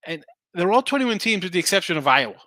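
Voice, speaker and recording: Bright-voiced man talking betting picks. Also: sits high, very animated, quick pace, no echo, studio quality. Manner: loose, rambling, answers chat comments. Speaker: sports betting podcast host. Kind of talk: casual betting picks talk.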